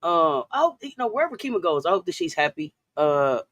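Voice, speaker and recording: A woman's voice: fairly low pitch, big pitch swings, a little fast, a bit bright, dry recording. A woman hosting a casual sports livestream, hyped and greeting chat viewers one after another by name. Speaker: sports talk livestream host.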